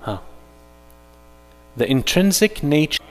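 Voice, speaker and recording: A man teaching an interactive religious workshop, animated and firing rhetorical questions at his audience. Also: a little high, slow, big-room sound.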